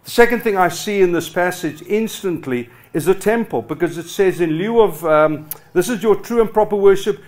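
A middle-aged man preaching a passionate sermon to his congregation, swinging from loud urging to quiet, hushed lines. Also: high-pitched, expressive, moderate pace, hardly any pauses. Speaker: pastor. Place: church hall with a congregation.

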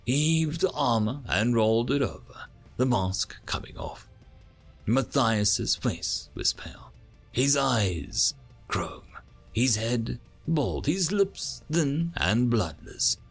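Slow, gravelly male storyteller. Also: medium pitch, very animated, soft background music. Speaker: story narrator. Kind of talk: audiobook narration.

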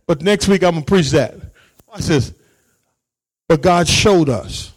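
A man preaching as a pastor, calling out to his congregation and swinging between shouted lines and quiet asides. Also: a little high, expressive, unhurried, long pauses, husky. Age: adult, married parent. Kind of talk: sermon.

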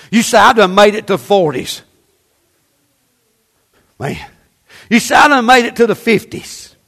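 High-pitched older preacher. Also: male voice, fairly bright tone. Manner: preaching with call-and-response, drawn-out emphatic delivery. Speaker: pastor. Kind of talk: sermon.

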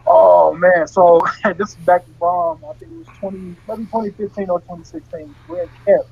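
A young man and former college football player, telling stories as an interview guest in a relaxed way, often laughing and repeating words. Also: sits high, moderate pace, gravelly, breathy edge, muffled recording. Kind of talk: casual interview.

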